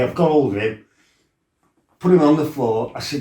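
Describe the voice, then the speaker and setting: A middle-aged man tells his life story as a former fighter, bluntly and with lots of swearing, acting out his own shouts. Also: mid-range voice, moderate pace. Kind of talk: casual storytelling interview. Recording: roomy, mic set some distance off.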